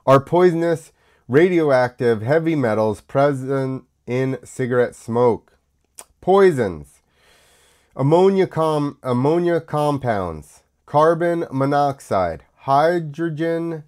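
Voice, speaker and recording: A man's voice: medium pitch, a little mellow. An American man hosting his own show, rambling through casual talk with many fillers, coughing now and then while sick. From United States. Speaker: podcast host.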